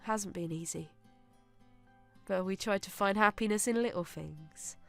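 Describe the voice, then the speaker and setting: A woman narrator voicing a shy, grateful young woman who speaks in a soft, earnest way. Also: mid-range voice, measured pace, vocal fry. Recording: dry close narration with soft music.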